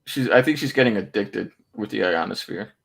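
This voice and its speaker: A man's voice: on the low side, fairly quick, creaky. Laid-back man hosting a casual podcast. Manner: rambling, laid-back, swears freely.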